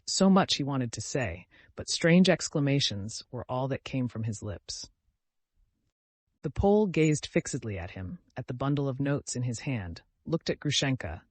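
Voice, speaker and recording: Male narrator, classic novel reading, lively intonation, dry close mic. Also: mid-range voice, moderate pace, husky, no echo. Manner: expressive, animated reading. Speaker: audiobook narrator. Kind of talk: scripted audiobook narration.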